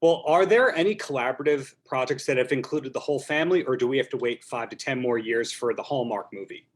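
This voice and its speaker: A man's voice: medium pitch, fast. A man hosting a casual interview over a video call, asking jokey, chatty questions. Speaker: podcast host.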